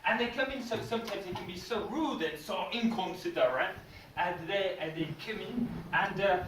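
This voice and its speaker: A man's voice: high voice, normal speed. A man performing a live comedy magic act at a party, joking with the crowd in a put-on French waiter voice. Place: golf club function room. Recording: echoey function room from far off, loud party noise.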